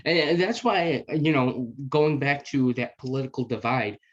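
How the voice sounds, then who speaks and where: A man's voice: mid-range voice, moderate pace. A man hosting a podcast, chiming in with short agreements and questions. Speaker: podcast host. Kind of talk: casual conversation. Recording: slightly muffled recording.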